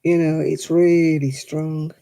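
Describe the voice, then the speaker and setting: A woman from Oldham with a softened northern English accent, chatting casually on her crafting video and laughing often. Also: sits low, little pitch movement, takes it slowly, vocal fry. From Oldham, England. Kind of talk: casual chat.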